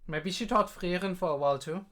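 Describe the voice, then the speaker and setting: A young man, not a native English speaker, hosting a casual reaction video and thinking aloud with many pauses and restarts. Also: high-pitched, fairly bright tone. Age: young adult.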